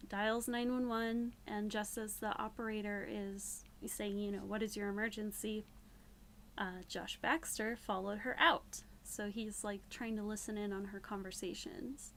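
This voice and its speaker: A woman's voice: medium pitch, fairly bright tone, a little hiss or hum. A young woman recapping a book in a casual, sarcastic, rambling way, a bit tipsy. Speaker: book reviewer. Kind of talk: casual spoken book review.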